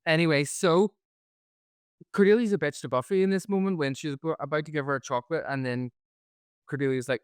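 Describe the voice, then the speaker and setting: A man's voice: fairly high pitch, a little fast, long pauses, clean tone, no room sound. Sarcastic man recapping a show. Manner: sarcastic, jokey recapping, puts on silly voices. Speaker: podcast co-host. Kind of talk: casual reaction chat. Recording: no studio mic, recorded together in a room.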